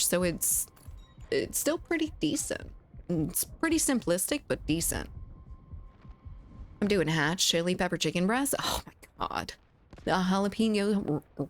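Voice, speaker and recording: A woman's voice: low-pitched, a little hiss or hum. A woman streamer chatting casually and reading viewer messages aloud, giggling often, at a desk mic at home. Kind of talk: casual chat reading live chat.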